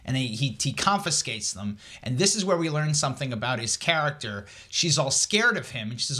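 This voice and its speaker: Bright-voiced man recapping a movie. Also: mid-range voice. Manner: animated, jokey, slips into quick impressions. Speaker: podcast co-host. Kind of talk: casual movie recap chat.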